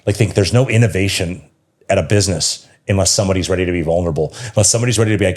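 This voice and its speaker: Deep-voiced man telling his story with passion. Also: racing, a little mellow. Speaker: podcast guest, yoga teacher and connection coach. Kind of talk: casual podcast conversation.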